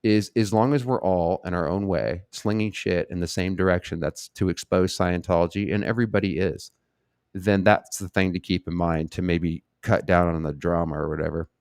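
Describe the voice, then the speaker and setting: A man's voice: low voice, fairly even intonation, normal speed, vocal fry, a little mellow, clean tone, dry recording, clean studio sound. A man hosting a live question-and-answer stream, talking in a blunt, rambling and profane way. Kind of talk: casual live Q&A chat.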